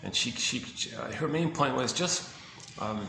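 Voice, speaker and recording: A man giving a casual, halting explanation on psychology, often searching for words and repeating himself. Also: medium pitch, expressive, vocal fry, pushed and bright, a little hiss or hum. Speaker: speaker on psychology. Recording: echoey room with faint ambience.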